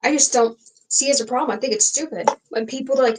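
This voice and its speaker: A woman's voice: high voice, brisk, background noise. A young woman hosting a casual late-night livestream, talking frankly and rambling with many fillers and restarts. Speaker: livestream host.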